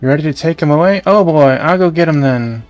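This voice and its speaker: A man's voice: fairly high pitch, dry recording, muffled recording, faint music behind. Man reading a game's lines aloud. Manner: casual, brisk, reads every part. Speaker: streamer.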